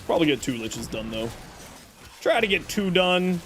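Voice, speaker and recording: Lively upbeat man streaming a game. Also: on the high side, moderate pace, a little hiss or hum. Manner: upbeat, greets chat warmly, baby-talks his pet. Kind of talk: live gameplay streaming, chatting with viewers.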